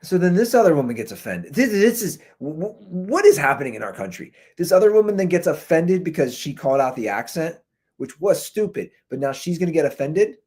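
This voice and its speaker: A man's voice: on the high side, big pitch swings, fairly quick, background noise. A man in his thirties hosting his own podcast, ranting casually about a viral video and often saying "dude" and "man". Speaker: podcast host. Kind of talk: ranting commentary. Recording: recorded through a computer mic.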